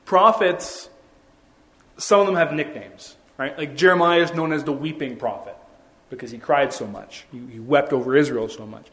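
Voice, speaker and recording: A man's voice: a little high, normal speed, fairly bright tone. A man preaching a sermon as a pastor, in a conversational way with many rhetorical questions.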